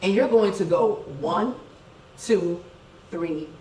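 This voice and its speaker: A middle-aged man giving a motivational keynote in an event hall, energetic, calling for crowd responses and counting out dance moves. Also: high voice, takes it slowly, a little hiss or hum. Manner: energetic, leads crowd through dance counts, keeps asking "okay?". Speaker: keynote speaker. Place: event hall with tables and chairs. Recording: echoey hall, voice from a distance.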